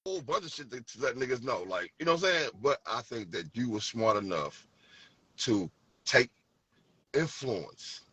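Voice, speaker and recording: A man's voice: mid-range voice, normal speed, slightly rough, no room sound, far from the mic. A man with a St. Louis accent, telling stories in a casual debate, acting out quotes with lots of restarts. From St. Louis, USA. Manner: animated storytelling, acts out quotes, many restarts. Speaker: debater recalling music history.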